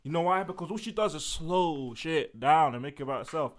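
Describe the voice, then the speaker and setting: Animated man ranting on a podcast. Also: a little high. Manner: animated, rants and mimics wrestlers with quick impressions. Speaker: podcast co-host. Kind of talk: casual chat.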